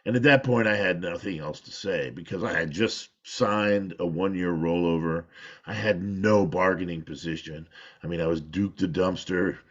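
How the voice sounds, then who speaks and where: A middle-aged man with a lowish voice tells old war stories in a loose, rambling way, often laughing at his own past mistakes. The sound is dull and lo-fi, as if it were compressed. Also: moderate pace. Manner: rambling, self-deprecating, laughs at himself. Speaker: former pro wrestler, guest. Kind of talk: candid interview storytelling. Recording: dull lo-fi audio.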